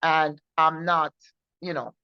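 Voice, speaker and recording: A woman sharing her personal testimony in an earnest, halting way, often repeating herself and restarting. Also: low-pitched, steady tone, clean tone, dry recording. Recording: dull lo-fi recording.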